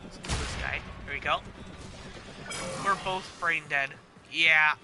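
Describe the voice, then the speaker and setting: A man's voice: on the high side, slow, noisy background. A teenage boy giving live gameplay commentary, rambling and making crude jokes with frequent giggles. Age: teens. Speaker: gaming streamer. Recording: loud game music behind voice.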